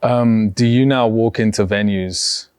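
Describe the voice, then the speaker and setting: A man's voice: fairly low pitch, steady tone, measured pace, a little mellow, clean tone, dry recording, clean studio sound. A man hosting a casual podcast interview, asking joking, teasing questions. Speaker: podcast host.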